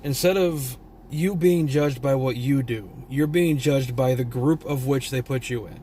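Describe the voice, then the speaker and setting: Speaking at a medium pitch in an unhurried, mellow way, a weary man from Texas drawls through a rambling, foul-mouthed, blunt opinion rant on his vlog. Slight background noise can be heard.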